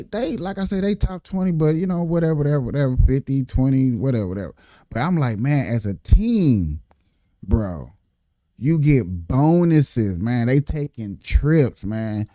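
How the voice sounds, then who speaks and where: A man with a dark, mellow voice tells a rambling, animated story straight to his viewers. He repeats phrases for emphasis and keeps calling out to his audience. The sound is dry and close, with no room around it. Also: medium pitch, dry recording. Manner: animated, repeats himself, addresses viewers as y'all. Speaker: vlogger telling a work story. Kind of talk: casual storytelling.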